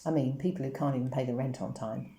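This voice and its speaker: A woman's voice: extremely low pitch, steady tone, fast, dark tone. A woman voicing a rude, bad-tempered woman concierge in a storybook reading, speaking in a curt, sneering way. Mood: surly. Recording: roomy echo.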